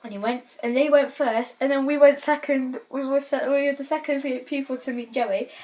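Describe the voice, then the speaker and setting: A woman telling a story to camera in a rambling, excitable way. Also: high-pitched, moderate pace. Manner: rambling, excitable, many restarts. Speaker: vlogger. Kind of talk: casual vlog storytelling.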